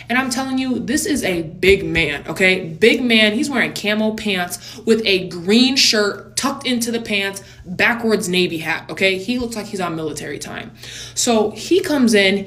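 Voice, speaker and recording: A young adult woman telling a story in a vlog, animated and blunt, with sassy asides. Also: medium pitch.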